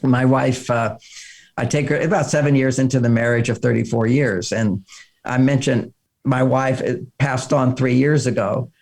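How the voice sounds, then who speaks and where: A man's voice: mid-range voice, moderate pace. An older man, an author being interviewed, telling stories and acting out the voices of people he quotes. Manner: animated storyteller, acts out quoted voices. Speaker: author guest. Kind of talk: interview conversation.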